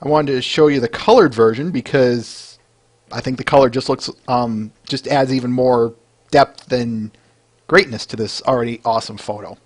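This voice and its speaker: With a mid-range voice at a moderate pace, this male podcast host chats casually about fan art. He's enthusiastic and talkative, dropping in fillers and laughs.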